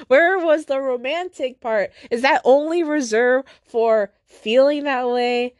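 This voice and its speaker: A young woman talks through her frustrations on her own podcast. She rambles and swears, starting sentences over and trailing off. Her voice sits a little high and her pace is slow and drawn out, in a dry, close recording. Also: no echo. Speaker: podcast host. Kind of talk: solo venting podcast.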